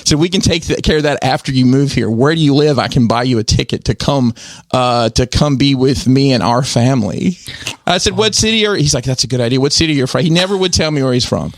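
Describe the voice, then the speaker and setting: A man's voice: mid-range voice, fast, no room sound, studio quality. A man co-hosting a podcast, telling a story in casual chat and acting out both sides of a conversation in quoted voices. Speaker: podcast co-host.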